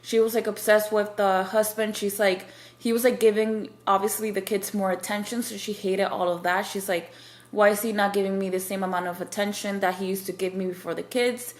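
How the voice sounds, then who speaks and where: A woman's voice: medium pitch, level tone, brisk. Chatty woman rambling through a book recap. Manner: rambling, lots of "like" and restarts; acts out characters' quoted lines. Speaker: book reviewer. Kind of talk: casual spoilery book recap.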